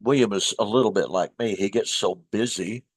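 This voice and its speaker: A man's voice: fairly low pitch, a little fast, husky, no room sound. An older man, a minister hosting his show, telling a casual story to viewers with many fillers and restarts. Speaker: host, minister.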